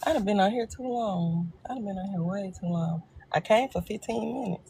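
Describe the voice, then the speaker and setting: A woman's voice: medium pitch, normal speed, gravelly, warm tone, slight background noise. A woman from Arkansas with a Southern accent, chatting casually and joking with viewers on a phone livestream. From Arkansas, USA. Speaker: livestream host. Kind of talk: casual live chat.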